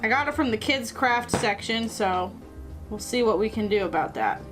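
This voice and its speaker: High-pitched woman vlogger, chatty and self-mocking, with light music underneath. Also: expressive, normal speed. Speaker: craft vlogger. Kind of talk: casual crafting vlog.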